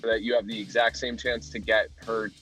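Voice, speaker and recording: A man in a casual gaming chat, calmly explaining details in an even-tempered way. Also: on the low side, a little fast, faint music behind, poor audio.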